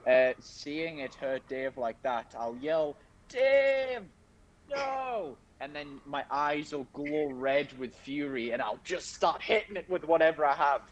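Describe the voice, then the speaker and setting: A man's voice: a little high, unhurried, few pauses, dull audio. A man playing in a tabletop game, casual and unsure, often asking about the rules. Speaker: player.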